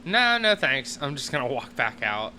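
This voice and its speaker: A man playing a tabletop game, talking casually in a laid-back, joking way. His voice is bright and forceful, with a middle pitch. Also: big pitch swings, moderate pace, a little hiss or hum. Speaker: player.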